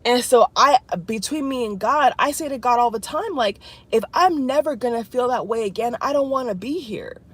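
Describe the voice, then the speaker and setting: A woman talking to her viewers in an emotional spiritual vlog, distraught and tearful, halting and repeating herself. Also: a little high, fairly bright tone. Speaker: vlogger.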